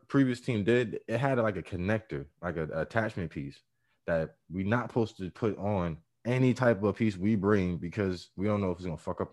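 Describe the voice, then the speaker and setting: A man casually telling a story full of profanity, animated and acting out the people in it. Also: low voice. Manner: profane, animated, acts out voices and laughs.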